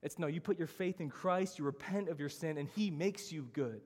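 Man, pastor, earnest sermon, emphatic, fairly high voice, church reverb. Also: moderate pace, darkish tone. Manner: earnest preaching with emphatic lists. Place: church hall.

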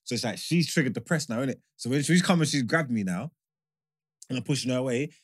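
A man, co-hosting a podcast and telling a story in casual chat, animated and full of repeated filler phrases. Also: mid-range voice, fast talker, slightly rough. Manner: animated, repeats "you know what I'm saying". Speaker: podcast co-host.

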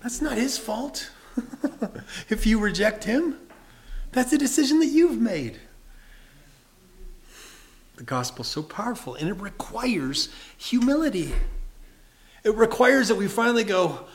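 Emphatic preaching man, fairly high voice. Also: big pitch swings, unhurried, long pauses, a little hiss or hum. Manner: earnest, emphatic preaching with frequent light laughs. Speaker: pastor. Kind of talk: sermon.

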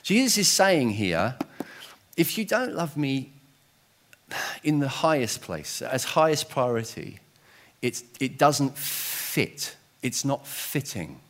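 A middle-aged man preaching a sermon in an animated, conversational way, often restarting and adding asides. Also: medium pitch, takes it slowly.

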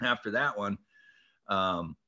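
A man telling a story as a podcast guest, lively, acting out the voices and shouting the punchlines. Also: on the low side, slow, dull audio. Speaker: podcast guest, golf instructor. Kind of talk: animated storytelling.

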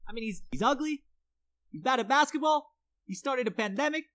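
A woman's voice: high voice, animated, fairly quick, fairly bright tone. A woman co-hosting a comedy podcast, trash-talking with brash, mocking, exaggerated outrage. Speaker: podcast co-host.

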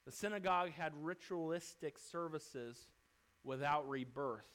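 A male pastor preaching a fervent, emphatic sermon in church, swinging between loud declarations and quieter asides. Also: a little high, measured pace.

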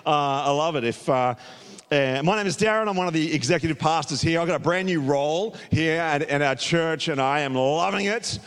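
A man preaching a casual, chatty sermon as executive pastor, upbeat, with many fillers and a slightly hoarse voice. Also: on the high side, fairly quick, a bit bright. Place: church auditorium. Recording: long hall reverb.

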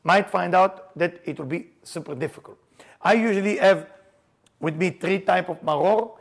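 Teaching a group about the Passover seder in a lively talk, a man uses a fairly high, gravelly and husky voice at normal speed. He's an animated storyteller who laughs and jokes, breaking into shouts for emphasis.

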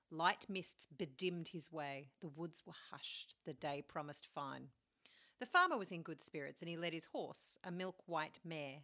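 A woman co-hosting a book chat who reads a folk tale aloud in a measured, clear way. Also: low voice, a bit bright. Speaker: podcast co-host. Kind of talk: casual chat and storybook reading.

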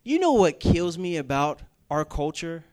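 A man's voice: fairly high pitch, very animated, rapid-fire, pitched above the performer's own voice. A man doing a ranting college guy. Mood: exasperated. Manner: loud, rising, mocking. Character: exasperated young male college student ranting.

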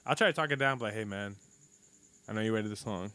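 A man's voice: lowish voice, fairly quick, pushed and bright, smooth, dry recording. A man co-hosting a casual podcast chat, rambling and swearing as he tells stories and acts out what people said. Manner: profane, rambling storyteller, acts out quotes. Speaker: podcast co-host.

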